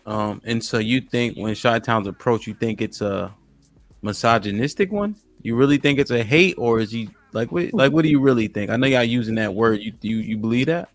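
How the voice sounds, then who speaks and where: A man hosting a podcast panel, asking calm probing questions. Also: mid-range voice, a little fast, dry recording. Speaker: podcast host. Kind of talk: moderating a panel.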